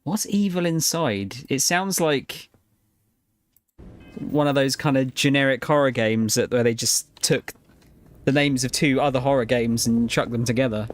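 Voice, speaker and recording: Guy streaming a game, chill rambly chat, swears a lot, mid pitched voice. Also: measured pace. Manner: rambling, laid-back, swears and laughs often. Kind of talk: casual live-stream chat while gaming.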